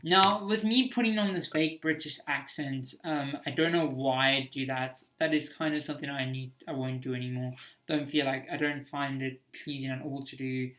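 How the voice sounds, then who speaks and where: A man talks through his own homemade film in a casual commentary. He is hesitant and self-critical and often restarts his sentences. His pitch sits in the middle. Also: steady tone, normal speed, few pauses, bright, forceful tone.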